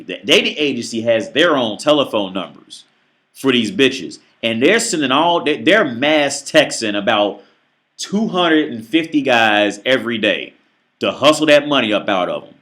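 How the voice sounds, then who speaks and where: A man's voice: mid-range voice, a bit bright. A man ranting through a reaction video commentary, profane and emphatic, often stammering and restarting his sentences.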